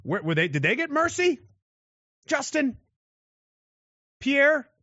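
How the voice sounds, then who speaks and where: A man's voice: extremely high pitch, sing-song, takes it slowly, pushed and bright, no echo, lo-fi sound. A man delivering a blunt, aggressive monologue rant, mocking those who show mercy.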